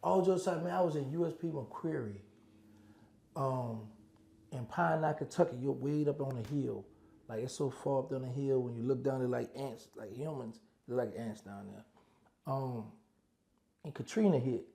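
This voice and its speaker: A man's voice: fairly high pitch, creaky, a little mellow. A man telling his prison stories in a casual interview, acting out phone calls in dialogue as he speaks. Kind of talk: casual storytelling.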